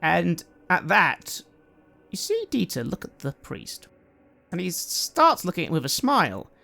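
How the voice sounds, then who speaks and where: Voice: mid-range voice, huge pitch swings, normal speed, vocal fry, bright, forceful tone. A game master narrating a tabletop roleplaying game.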